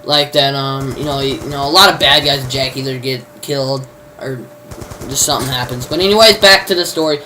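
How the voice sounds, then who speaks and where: A man's voice: mid-range voice, fairly quick, sharp tone, slight background noise, rough recording. A man reviewing a TV show in a loose spoken recap, rambling and leaning constantly on "you know" fillers. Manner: informal, mild swearing substitutes.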